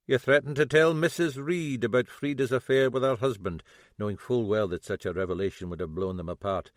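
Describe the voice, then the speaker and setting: A man voicing a shrewd, middle-aged Scottish detective who needles a suspect slowly. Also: medium pitch, no room sound, studio quality, close to an everyday voice. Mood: needling. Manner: slow, needling, toying.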